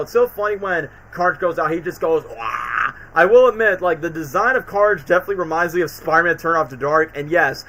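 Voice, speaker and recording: A man's voice: on the high side, sharp tone, slight background noise, low-quality recording. A man hosting a live stream, rambling enthusiastically about video games with lots of fillers. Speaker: streamer host. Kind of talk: casual live-stream chat.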